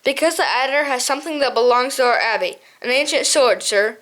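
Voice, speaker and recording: A brave young male mouse warrior speaks in a storybook reading, voiced by a woman. He is earnest and polite but will not back down. His voice sits high and light. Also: fairly quick, a bit bright. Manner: earnest, calls others sir.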